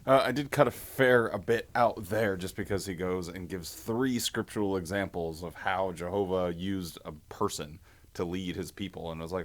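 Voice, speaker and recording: A man's voice: sits low, normal speed. A man hosting a casual commentary video, rambling and wondering aloud as he talks.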